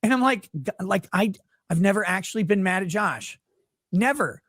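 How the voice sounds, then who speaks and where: A man's voice: sits high, expressive, normal speed, a bit bright, husky, dry recording. A man ranting heatedly on a livestream, exasperated and swearing constantly as he defends himself. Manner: angry, exasperated, swearing heavily.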